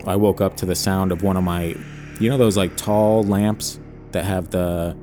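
A man's voice: deep voice, fairly even intonation, moderate pace, dark tone, soft background music. A man co-hosting a podcast, telling a personal story in a rambling casual way full of fillers. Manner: rambling, hedging with many fillers. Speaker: podcast co-host.

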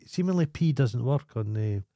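A man's voice: mid-range voice, expressive, moderate pace, mellow, dry recording, studio quality. A Scottish man co-hosting a podcast, trading blunt, crude banter in casual chat. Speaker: podcast co-host.

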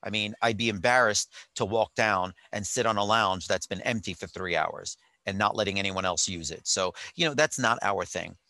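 A man's voice: on the low side, normal speed, vocal fry, few pauses, bright, forceful tone, no room sound. A man telling a rambling story in casual chat, with wry jokes, from a hotel while on vacation. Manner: chatty, rambling, wry asides.

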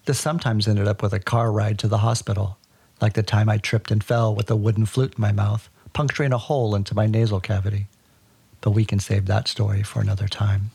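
Male podcast storyteller, deadpan and wry, low voice with gravelly fry. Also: a little fast. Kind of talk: personal story narration.

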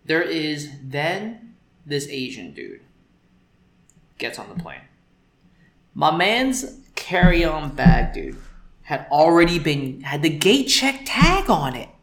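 A man's voice: on the high side, slow, vocal fry, reverberant. A man co-hosting a podcast, telling a story in casual chat and acting out the people in it. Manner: animated, acts out quoted people.

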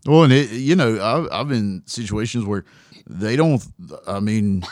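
A man's voice: lowish voice, a little slow, darkish tone, no echo. Earnest man in a faith chat. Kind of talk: casual faith discussion.

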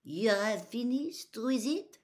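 Woman voicing a poised teenage girl, careful and slow. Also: fairly high pitch, animated, voice pushed up. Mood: polite. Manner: careful, foreign phrasing.

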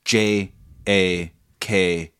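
Comedy podcast co-host, a man, low dry voice, playful deadpan teasing. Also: extremely slow, smooth, no echo. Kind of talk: improvised comedy chat.

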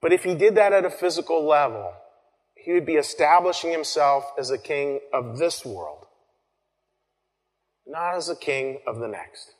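A man preaching a sermon, earnest, repeating phrases and dropping to soft, quiet lines. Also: a little high, animated. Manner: earnest, pauses and repeats phrases, drops to soft near-whispers. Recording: long reverb.

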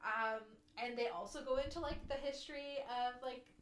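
A woman's voice: high voice, normal speed, a bit bright, a little hiss or hum. A woman co-hosting a podcast, chatting casually with many "like" fillers. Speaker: podcast co-host. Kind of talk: casual chat. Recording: echoey room, far mic.

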